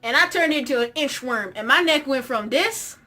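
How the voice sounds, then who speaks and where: A young woman telling a comic personal story in a vlog, dramatic and excitable, often raising her voice for effect. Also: high-pitched, normal speed. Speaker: vlogger.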